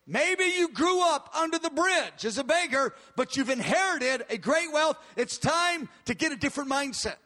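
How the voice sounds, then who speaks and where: A man delivers a sermon in a very high, bright voice, hammering home declarations and drawing out key words for weight. His voice rings with the long reverb of a large hall. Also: expressive. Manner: emphatic, repeats declarations, slows down to stress words. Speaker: preacher.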